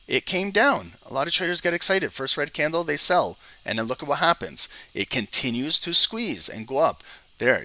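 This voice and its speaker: Man, trading educator, live commentary, exasperated, repeats himself, very tense bright tone. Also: mid-range voice, no room sound. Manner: exasperated, talks straight to viewers, repeats words.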